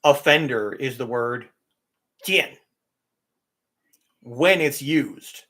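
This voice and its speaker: Man, stream host; slow, emphatic rant delivery, slightly raised pitch. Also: fairly bright tone. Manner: slow, opinionated, emphatic about pronunciation. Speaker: livestream host. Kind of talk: casual livestream rant.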